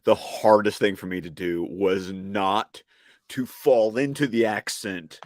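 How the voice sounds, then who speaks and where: A man's voice: fairly low pitch, steady tone, takes it slowly, a little mellow, dry recording, studio quality. A man from the Southern United States, a guest in a casual film chat, telling stories with theatrical animation. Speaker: guest co-host.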